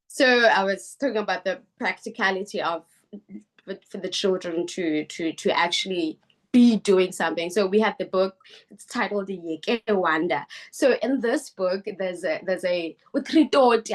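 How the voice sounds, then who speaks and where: A woman on a video call, earnestly describing her book club work with many halting restarts. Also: medium pitch. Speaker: book club founder speaking at a webinar. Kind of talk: online meeting talk.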